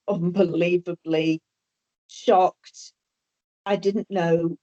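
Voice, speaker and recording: A woman's voice: lowish voice, unhurried, darkish tone. A woman telling a personal story as an interview guest, hesitant and often repeating or restarting her words. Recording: dull lo-fi audio.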